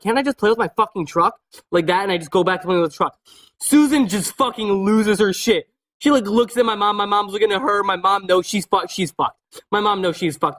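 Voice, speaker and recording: A man's voice: sits high, fairly bright tone. A man telling a personal story in a casual vlog, rambling and swearing constantly. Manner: many fillers and restarts. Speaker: vlogger.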